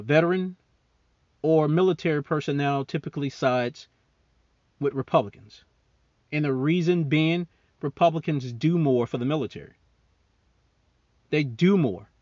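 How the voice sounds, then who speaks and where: A man's voice: a little high, no room sound, highs cut off. A man hosting a podcast, ranting angrily about politics with heavy profanity and mocking asides; he talks as a serving military member. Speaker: podcast host. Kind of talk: angry political rant.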